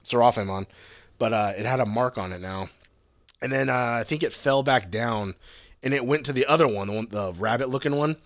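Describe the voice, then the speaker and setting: A man in his thirties, co-hosting a podcast, recapping an episode in casual, animated chat and swearing freely. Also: medium pitch, fairly quick, no echo. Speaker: podcast co-host.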